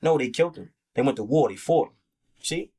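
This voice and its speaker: A man's voice: mid-range voice, lively intonation, a little fast, warm tone, slightly rough. A man talking as an interview guest in a heated, candid conversation, impassioned and profane, acting out the voices he quotes.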